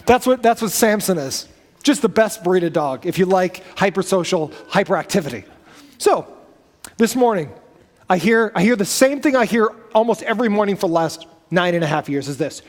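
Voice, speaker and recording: A male pastor preaches in a relaxed, storytelling manner. He corrects himself and wanders into asides. His fairly high voice carries a long reverb through a church sanctuary. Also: moderate pace. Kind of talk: sermon.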